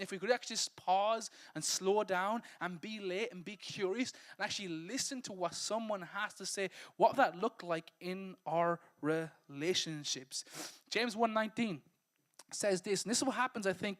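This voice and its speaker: Brief: high-pitched male preacher, playful and conversational delivery. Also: fairly bright tone. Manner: humorous, conversational, acts out scenes. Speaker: pastor. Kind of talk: sermon.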